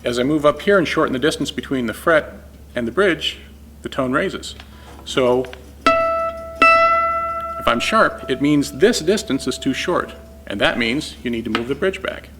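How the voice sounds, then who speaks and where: A man with a gravelly, mid-range voice walks through guitar setup in a relaxed, informal way. He explains step by step as he demonstrates on the instrument, with faint guitar notes heard now and then behind him. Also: mid-range voice.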